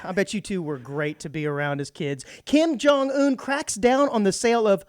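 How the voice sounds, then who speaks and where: A man's voice: high-pitched, moderate pace, no room sound. A man co-hosting a radio talk show, reading news items and trading dry, teasing quips in casual chat. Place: radio studio.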